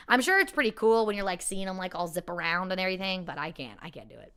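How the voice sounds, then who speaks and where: A woman answers viewer questions in loose, easygoing chat. Her voice is bright and smooth. She rambles, restarts sentences, leans on fillers and laughs often. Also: lowish voice, animated, quick pace. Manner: laughs easily. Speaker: performer hosting a live Q&A.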